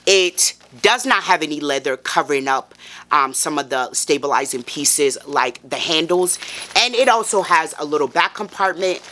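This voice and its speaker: Sassy, bright-voiced woman vlogger. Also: sits low, moderate pace, slight background noise. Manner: sassy, playful, animated, calls the viewer baby. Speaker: fashion vlogger. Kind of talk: casual review to camera.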